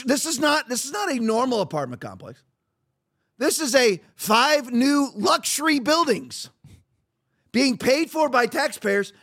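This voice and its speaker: A man with a strikingly high-pitched voice hosts a podcast in an opinionated monologue. He is combative and mocking. He often restarts his sentences mid-thought. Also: fairly bright tone. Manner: rambling with frequent restarts. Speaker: podcast host.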